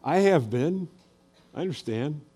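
A man's voice: fairly high pitch, lively intonation, a little slow, dark tone, slight background noise. An older man preaching a sermon as a pastor, telling personal stories in a conversational way and asking the audience questions.

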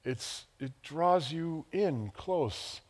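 A lively male pastor delivering a sermon, his voice sitting a touch higher than most men's. He swings between hushed, intimate phrases and loud, acted-out bursts, with chuckles and playful asides along the way. He grew up around Chicago. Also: drawn-out words. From Chicago area, USA. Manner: animated, acts out quotes with big pitch jumps.

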